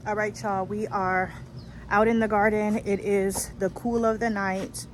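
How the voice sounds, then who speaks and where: A woman's voice: medium pitch, flat delivery, measured pace, slight background noise. A woman gardening vlogger from California chatting casually to her viewers, folksy and talkative, calling them y'all. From California, USA. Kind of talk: casual vlog chat to camera. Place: store aisles and outdoor garden.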